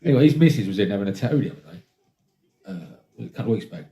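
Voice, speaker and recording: A man's voice: fairly low pitch, racing. A man hosting a podcast, swearing freely and laughing as he tells rowdy stories in casual chat. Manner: animated storyteller, swears freely, laughs along. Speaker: podcast host. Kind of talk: casual chat, anecdote telling. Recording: roomy echo.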